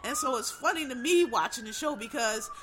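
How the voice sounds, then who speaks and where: A woman's voice: a little high, expressive, brisk, noisy background. A middle-aged woman giving a blunt, profane, emphatic rant about a TV show. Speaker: TV show commentator. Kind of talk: casual commentary rant.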